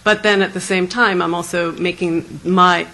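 A woman's voice: on the low side, fairly even intonation, normal speed, pushed and bright, rough recording. A woman artist thoughtfully explaining her work at a panel discussion, hesitant and laughing lightly.

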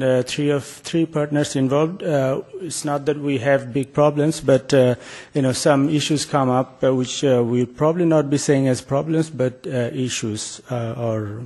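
Male researcher, somewhat high and husky, presenting hesitantly with lots of filler sounds. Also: measured pace, a little mellow. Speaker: researcher presenting a survey project. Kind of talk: academic presentation.

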